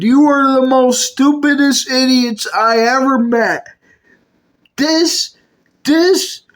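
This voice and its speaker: A high-pitched voice that takes its time, acting out a whole comedy skit alone. It hops between several bickering characters. It is a puppet maker's homemade skit.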